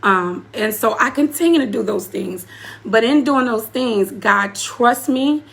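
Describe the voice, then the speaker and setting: Emphatic woman preacher with gravelly edge. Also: on the high side, animated, normal speed. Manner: emphatic, repeats phrases for weight; preacherly, speaks directly to the audience. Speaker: apostle and community leader. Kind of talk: emotional personal testimony to live viewers.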